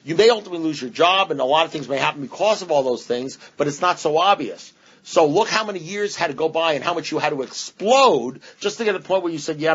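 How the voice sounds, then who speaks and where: Guy talking at a meeting, kinda high voice, blunt, rambly and sarcastic, muffled lo-fi recording. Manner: rambling, blunt, punchy repetition, sarcastic asides. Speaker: AA meeting speaker. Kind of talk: recovery talk to a meeting.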